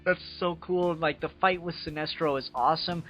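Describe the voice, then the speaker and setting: A man's voice: on the high side, steady tone, brisk, a bit bright. A man in casual chat about a comic book, enthusiastic and swearing, often hedging. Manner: enthusiastic, swears, hedges with "I don't know". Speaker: co-host reviewing a comic book.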